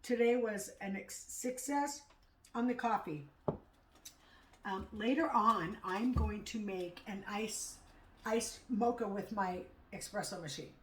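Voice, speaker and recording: A middle-aged woman chatting casually at home in a vlog, rambling and halting as she talks. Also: mid-range voice, slight background noise. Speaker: vlogger. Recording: echoey room, far from mic.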